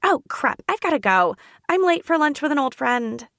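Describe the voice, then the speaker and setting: A woman's voice: high voice, very animated, moderate pace, a bit bright, no echo, clean studio sound, voice pushed up, exaggerated voice. A woman narrator voicing a bubbly, teasing young woman friend on the phone in an audiobook. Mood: chatty. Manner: chatty, teasing.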